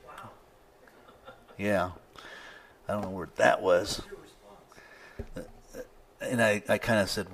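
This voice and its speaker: A man's voice: lowish voice, fairly even intonation, takes it slowly, pauses often, background noise. A male pastor preaching a sermon in an easygoing conversational way, reading scripture aloud with rising emphasis.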